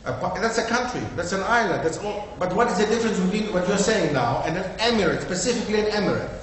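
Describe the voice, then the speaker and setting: Guy with a high voice lecturing a group, keeps quizzing them, big echoey hall sound. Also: animated, quick pace, fairly bright tone. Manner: quizzes the audience, checks with "okay?". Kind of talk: interactive classroom talk. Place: community centre hall. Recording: echoey hall with faint noise.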